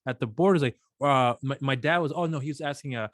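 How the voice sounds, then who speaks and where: A man with a medium-pitched, quick voice co-hosts a podcast, recorded cleanly in a studio without echo. Chatting casually, he spins a long, wandering story full of acted-out voices.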